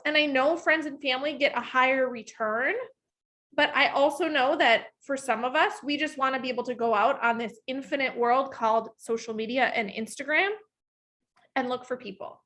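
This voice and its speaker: A woman's voice: high-pitched, normal speed, fairly bright tone. A woman leading a live online sales training for her team, talking energetically with lots of fillers and restarts. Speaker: network marketing trainer.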